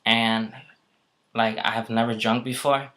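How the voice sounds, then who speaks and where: A young man casually retelling a story, rambling with lots of fillers in a flat, even delivery. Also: lowish voice, a little slow. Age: young adult. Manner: rambling, full of "like" and "um". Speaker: vlogger telling a story.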